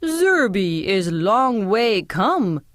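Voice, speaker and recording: A woman voicing a small slimy purple alien who speaks in broken grammar and yells the last words. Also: medium pitch, sing-song, extremely slow, dry recording, studio quality, heavily acted. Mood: eager. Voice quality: wet, drooling.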